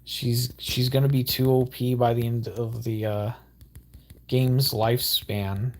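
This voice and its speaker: A young man giving excitable, rambling gameplay commentary with exaggerated outbursts. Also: medium pitch, slow pace, a little hiss or hum. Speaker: gaming YouTuber.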